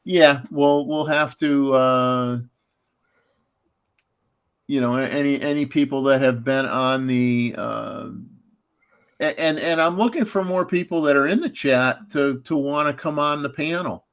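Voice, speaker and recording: A man's voice: medium pitch, unhurried, clean tone. A man hosting a casual livestream chat, rambling with lots of fillers and restarts and chuckling often. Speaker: livestream host.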